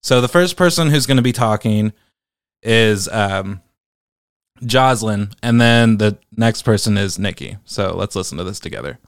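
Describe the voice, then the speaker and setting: Guy doing a podcast rant, lively pitch, dry close sound. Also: normal speed, smooth, no echo. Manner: animated, incredulous commentary. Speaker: podcast host. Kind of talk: commentary podcast.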